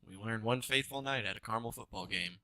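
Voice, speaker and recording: Young man, podcast co-host, very bright tone, dry recording, blunt slangy arguing. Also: medium pitch, fast, creaky, dry recording. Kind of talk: casual chat.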